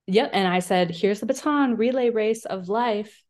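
A woman's voice: mid-range voice, normal speed, darkish tone. A woman co-hosting a podcast in casual chat, telling stories with lots of "like" and acted-out quotes. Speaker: podcast co-host.

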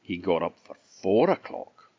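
A man with an Orkney Scottish accent telling a folk tale, his deep voice rising and falling in a wide, lively sweep. He takes his time, and the recording is dry and a little dull and lo-fi. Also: a little slow, slightly rough, dry recording. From Orkney, Scotland. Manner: lively, expressive storyteller. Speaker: storyteller.

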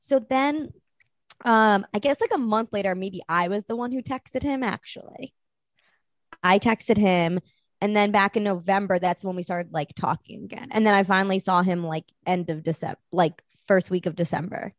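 A woman's voice: medium pitch, moderate pace, no echo, clean studio sound. A young woman, a podcast guest, telling a rambling story in casual chat and acting out the quotes.

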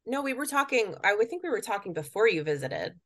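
A woman with a New Jersey accent, chatting casually on a podcast. Her delivery is blunt and sarcastic, and her pitch sits in an ordinary middle range. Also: big pitch swings, fast, fairly bright tone. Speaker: podcast co-host. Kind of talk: casual chat.

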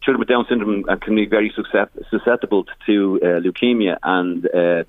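A man's voice: on the low side, steady tone, a little fast, no echo. An Irish man, a charity founder, telling stories in a radio interview with many restarts and some emotion. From Ireland. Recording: tinny phone line.

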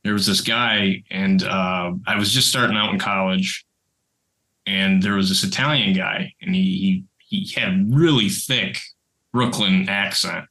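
Bright-voiced man telling a story. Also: deep voice, fairly even intonation, a little slow. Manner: rambling anecdote with restarts and laughter. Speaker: podcast co-host and creator. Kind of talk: casual storytelling chat.

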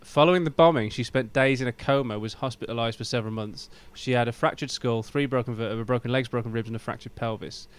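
Man, fast talker, smooth clear voice, casual podcast storyteller. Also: medium pitch. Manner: storytelling, recounting facts with a few ums. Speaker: podcast co-host. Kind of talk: casual chat, reading out facts.

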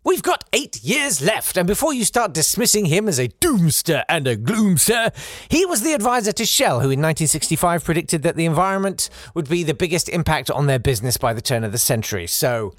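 A man's voice: fairly high pitch, very animated, a little fast, no echo, clean studio sound. A man delivering a satirical comic monologue, full of sarcastic, mocking asides. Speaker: comedian.

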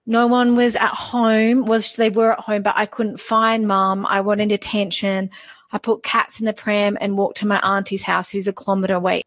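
A woman in her forties, a guest in a personal interview, speaking haltingly and repeating words as she opens up. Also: medium pitch, little pitch movement, fairly bright tone, dry recording. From Australia.

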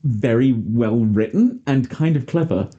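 A woman's voice: rumbling low, animated, measured pace, dark tone, slightly rough, highs cut off. A British woman hosting a podcast, chatting casually as she recaps a film's plot with lots of fillers. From Britain. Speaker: podcast host. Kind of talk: casual movie-review chat.

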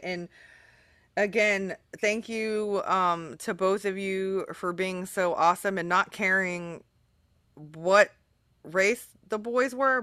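A woman's voice: mid-range voice, pushed and bright, dry recording, studio quality. A woman hosting a podcast interview, talking in a rambling, earnest way with many fillers. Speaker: podcast host. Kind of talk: casual interview chat.

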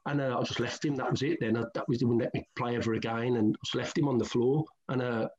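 A middle-aged former footballer from England with a Birmingham accent, telling candid stories in an interview and acting out old conversations in a colloquial way. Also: male voice, medium pitch, fairly even intonation, fast, a little mellow. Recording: dull lo-fi sound.

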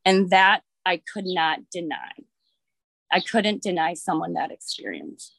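A woman's voice: lowish voice, sing-song, measured pace, creaky, fairly bright tone, no echo. Brief: thirties woman, loose candid storyteller, filler-heavy, dry close sound. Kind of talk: casual storytelling.

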